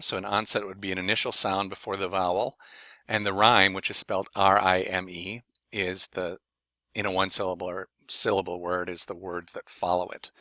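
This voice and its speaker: Bright-voiced man giving a lecture. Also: low-pitched, no echo. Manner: sings children's song, then explains calmly. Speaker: education lecturer. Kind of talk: university lecture with sung demonstration.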